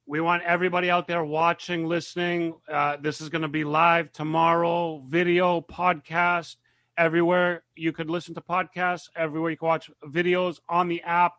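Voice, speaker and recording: Male co-host, raspy high register, enthusiastic chatter. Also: moderate pace, no room sound. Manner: excitable, animated storyteller. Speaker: podcast co-host. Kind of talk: casual podcast chat.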